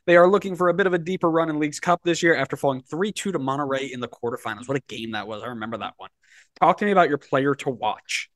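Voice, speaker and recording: A man's voice: a little high, fast, fairly bright tone, no echo. Playful man hosting a sports podcast. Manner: playful, prompting his co-host, jokey. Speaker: podcast host. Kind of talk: casual sports podcast chat.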